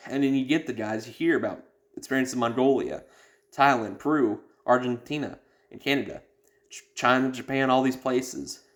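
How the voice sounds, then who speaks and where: A man's voice: medium pitch, normal speed. Casual male podcast voice, blunt and profane, rambles with lots of fillers. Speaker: podcast host. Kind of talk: casual advice talk.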